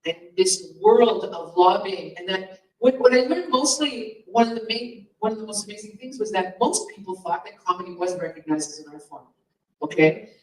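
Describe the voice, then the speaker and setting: A woman's voice: medium pitch, lively intonation, normal speed. A woman who founded a comedians' association, giving a rambling, chatty speech at a union meeting with asides and little laughs. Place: meeting hall in a comedy club. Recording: roomy and from far off.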